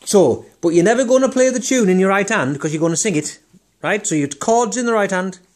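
Recorded on a phone camera, this piano teacher talks a little fast in a high-pitched, animated voice. He leads a relaxed piano and songwriting lesson from home, encouraging and patient, and keeps asking "right?" to check in.

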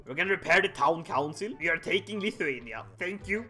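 A man giving comedic, excitable commentary over a strategy war game, yelling at his troops and joking. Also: high voice, fairly quick, few pauses, husky. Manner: excitable, shouting at units, mock accents. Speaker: gaming YouTuber.

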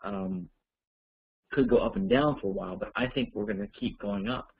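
A man's voice: lowish voice, normal speed, vocal fry, husky, phone-quality sound. A man teaching an online course, answering listener questions in a rambling, conversational way as he thinks aloud.

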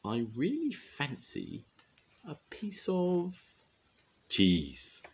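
A man's voice: fairly high pitch, wildly swooping pitch, extremely slow, creaky, husky, pitched above the performer's own voice, heavily acted. An older man voicing a dotty, dreamy little lady in a storybook, vague and airy.

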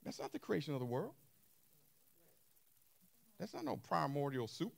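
A man's voice: on the high side, very animated, normal speed, creaky. A man preaching a sermon in loose, colloquial speech, firing emphatic rhetorical questions at his congregation.

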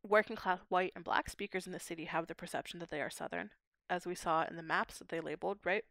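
A young woman from Pittsburgh, USA, a linguistics PhD student, explains her research in a podcast interview, sounding articulate and academic. Her voice is lowish, creaky and a bit bright, and she speaks fast. The recording is dry with clean studio sound.

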